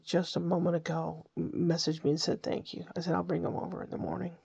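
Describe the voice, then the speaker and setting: Older woman, grandmother, gravelly husky voice, homey rambling storytelling. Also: lowish voice, a little mellow. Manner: rambling, homey, with small restarts. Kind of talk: casual storytelling monologue.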